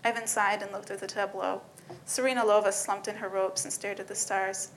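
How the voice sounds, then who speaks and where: A woman narrating a story in a steady, matter-of-fact reading voice. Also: medium pitch, a little fast, few pauses, a little hiss or hum, rough recording.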